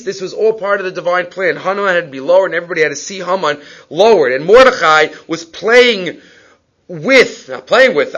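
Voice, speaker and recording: A man's voice: high voice, fairly bright tone, dull audio. A man giving a Talmud class, reading Aramaic lines and explaining them in casual English. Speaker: Torah teacher.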